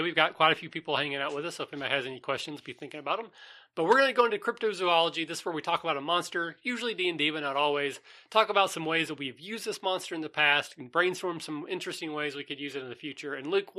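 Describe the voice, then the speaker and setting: A man's voice: a little high, pushed and bright. A man hosting a casual tabletop gaming podcast, chatting and reading out monster stats. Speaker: podcast host.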